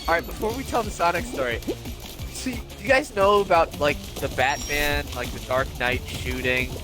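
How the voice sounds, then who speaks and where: A man's voice: fairly high pitch, normal speed, music in the background. A young man co-hosting a casual podcast, rambling through a work story with frequent swearing and laughter. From Italian family. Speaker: podcast co-host. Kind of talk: casual chat.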